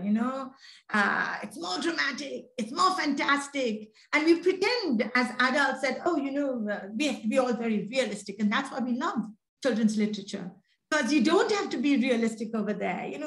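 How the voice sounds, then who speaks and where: A woman's voice: high-pitched, echoey room, poor audio. A woman lecturing on literature, chatty and conversational with many fillers.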